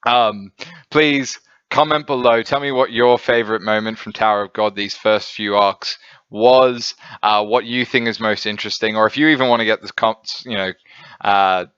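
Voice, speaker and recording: An enthusiastic man recaps and reviews a comic in a loose, rambling monologue full of fillers, speaking from a home setup. His voice sits somewhat low but sounds bright and crisp. The recording is dry and close, with a slightly dull, lo-fi sound. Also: steady tone, moderate pace, dry recording. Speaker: manga and anime reviewer. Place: home setup, filmed at night. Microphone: camera setup.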